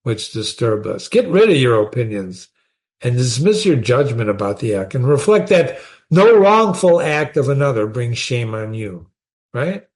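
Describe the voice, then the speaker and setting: Male host, mid-pitched, reads a text aloud and riffs on it, emphatic, rhetorical. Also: very animated, unhurried, darkish tone. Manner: emphatic, asks rhetorical questions. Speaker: host reading and discussing philosophy. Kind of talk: reading aloud with conversational commentary.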